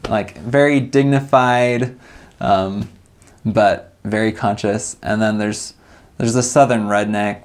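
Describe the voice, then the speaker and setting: A man's voice: mid-range voice, a little slow. A man explaining things in a casual, wry, joking way, with frequent "um" fillers.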